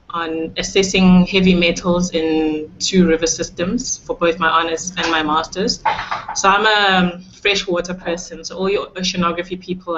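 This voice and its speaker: A woman's voice: mid-range voice, a bit bright. A woman introducing herself as a scientist on a video call, chatty and self-mocking with frequent laughter. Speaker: panel guest, scientist. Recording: dull lo-fi call audio.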